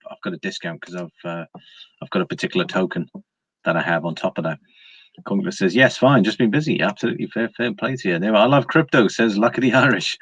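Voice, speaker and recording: A man's voice: fairly low pitch, a bit bright, no echo. A man hosting a casual live stream, chatting easily and reading viewer comments aloud. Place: indoors at home, evening.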